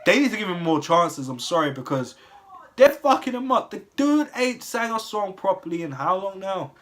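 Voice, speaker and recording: A man's voice: high-pitched, big pitch swings, normal speed, a bit bright. A young man delivering a heated, profane rant with exasperated rhetorical questions. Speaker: wrestling commentary vlogger. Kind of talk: profane ranting monologue.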